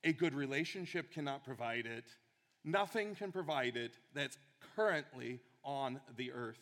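A man's voice: medium pitch, expressive, normal speed, a bit bright, big-room sound. A man preaching a sermon, earnest and emphatic, repeating key phrases for weight.

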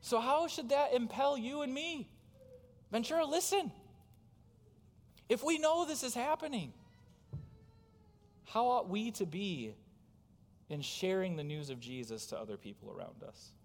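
A man's voice: very high voice, animated, unhurried, pauses often. A man, preaching a sermon as pastor, talking emphatically and putting direct questions to his congregation. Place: church sanctuary. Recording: long hall reverb in a church.

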